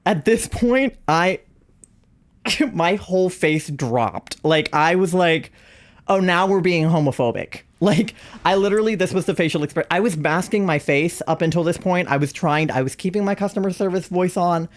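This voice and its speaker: A young adult streamer tells chat a story in a loose, casual way. The voice swings up and down in pitch, breaking into laughter often, with a wry, self-mocking edge. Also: lively intonation, moderate pace. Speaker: live streamer.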